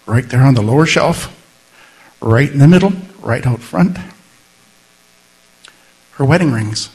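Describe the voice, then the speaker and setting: A middle-aged male pastor preaches in an unhurried, deliberate way, his voice slightly husky. He builds earnestly toward emphatic calls and leads the congregation in prayer. His pitch sits in an ordinary middle range. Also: lively intonation, a little mellow, poor audio. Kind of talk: sermon.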